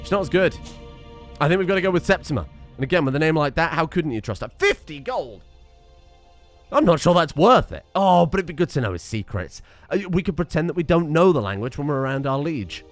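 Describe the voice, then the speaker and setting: A man's voice: on the high side, very animated, brisk, faint music behind. A man giving casual commentary while playing a strategy game, thinking aloud and adding wry asides. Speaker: let's play streamer.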